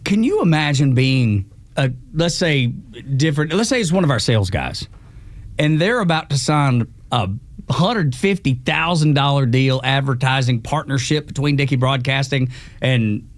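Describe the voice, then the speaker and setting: A man co-hosts a morning radio show, chiming in with quick exclamations. His voice is mid-pitched. The studio sound is dry and close. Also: expressive, no room sound. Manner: reactive, exclamatory. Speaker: radio co-host. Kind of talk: casual morning radio chat.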